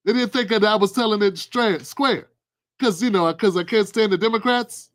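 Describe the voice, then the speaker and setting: A man's voice: high-pitched, moderate pace, fairly bright tone. A man hosting a political commentary livestream, casual and sarcastic, talking straight to his viewers. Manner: sarcastic, colloquial, talks to viewers.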